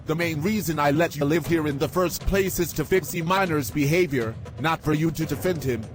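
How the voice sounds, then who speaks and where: A man's voice: fairly high pitch, brisk, natural voice. A man voicing a bossy, hot-tempered young male character who hurls insults at others and later apologizes in earnest. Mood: furious. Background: music.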